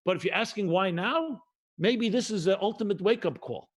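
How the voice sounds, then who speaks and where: A middle-aged man from the United States, a rabbi giving a livestreamed sermon, who repeats key phrases and slows down to stress them. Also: sits high, animated. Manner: emphatic, repetitive cadence, mixes Hebrew and Yiddish terms.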